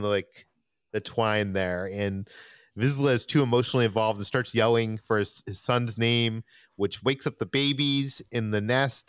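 A man's voice: mid-range voice, fairly bright tone, clean tone, no room sound, clean studio sound. A man hosting a casual podcast, recapping plot points and asking his co-hosts questions between laughs. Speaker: podcast host.

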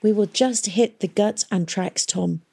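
A woman reading an audiobook, voicing a patient, commanding woman leader who speaks slowly and firmly. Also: medium pitch, gravelly, warm tone, breathy edge, voice pushed up. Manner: slow, measured and firm. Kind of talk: audiobook character voice.

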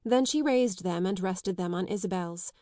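A woman narrating a classic novel as an audiobook, reading steadily and clearly. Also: lowish voice, moderate pace, mellow, no room sound, studio quality. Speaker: audiobook reader. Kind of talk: scripted literary narration.

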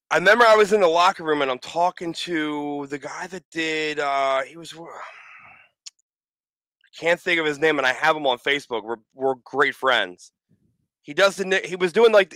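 A man chatting casually, animated and often laughing as he acts out what people said. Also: a little high, normal speed, dry recording. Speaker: podcast guest, wrestler. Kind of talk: casual storytelling chat.

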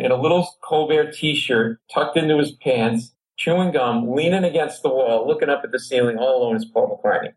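A man, a comedian, telling a comic story on a podcast in an excitable way that keeps jumping into high, shouted asides. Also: low-quality recording. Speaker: comedian guest.

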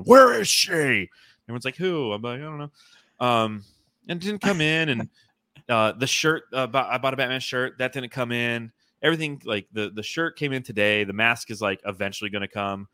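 A man's voice: medium pitch, quick pace, sharp tone, clean tone, no room sound, clean studio sound. A man hosting a casual sports podcast, telling rambling, profane stories and reading fan comments aloud. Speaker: podcast host.

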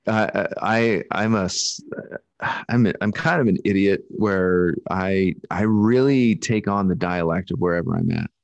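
A man's voice: deep voice, unhurried, no room sound, dull audio. A man from Alaska with a Pacific Northwest accent, hosting a podcast over a video call in a rambling, casual way, with lots of restarts. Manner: rambling, with many restarts and easy laughs. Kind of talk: casual chat.

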